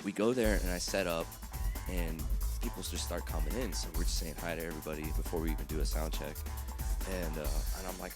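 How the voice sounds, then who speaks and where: A man co-hosting a podcast, telling a story in casual chat, profane and animated, acting out his own reactions. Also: low voice, fast, music in the background. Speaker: podcast co-host.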